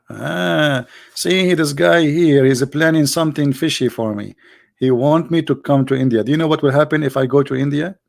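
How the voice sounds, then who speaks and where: Creaky-voiced man hosting a livestream. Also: mid-range voice. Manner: animated storyteller in non-native broken English. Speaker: livestream host. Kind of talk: casual livestream chat.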